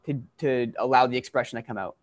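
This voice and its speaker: A man's voice: medium pitch, fast talker. A man hosting a podcast, curious and enthusiastic, asking questions in loose, casual talk. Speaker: podcast host.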